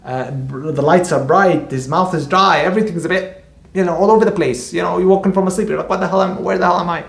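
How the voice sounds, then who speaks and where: A man, an author, describing his novel in a casual, rambling way, full of halting restarts and fillers. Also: mid-range voice. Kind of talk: casual book discussion. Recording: echoey room.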